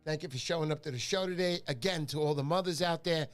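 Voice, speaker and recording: A middle-aged man hosts a casual fishing livestream from home, chatting, joking, and greeting viewers by name. He talks fast in a fairly high voice, with faint music playing behind him.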